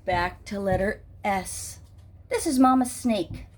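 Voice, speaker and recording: In a classroom, a woman with a medium-pitched voice speaks slowly, and there's a faint hiss or hum. She's giving young children a storytelling phonics lesson, telling little stories and making playful sounds and voices for each letter.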